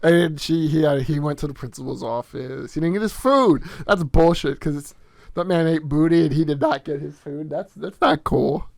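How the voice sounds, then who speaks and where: Young male podcast host, slightly high gravelly voice, dry mic, animated storyteller. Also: moderate pace, no room sound. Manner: animated, swearing, acts out quotes in storytelling. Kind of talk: casual storytelling chat.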